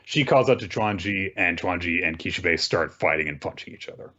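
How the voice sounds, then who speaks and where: A man recapping manga in casual chat, animated, acting out quoted lines in exaggerated voices. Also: deep voice, a little fast. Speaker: podcast host recapping manga. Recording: dull lo-fi recording.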